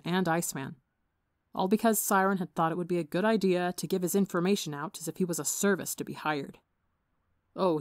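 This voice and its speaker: A woman reading a story aloud in an even, measured narration. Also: low-pitched, no echo, clean studio sound. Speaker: podcast reader.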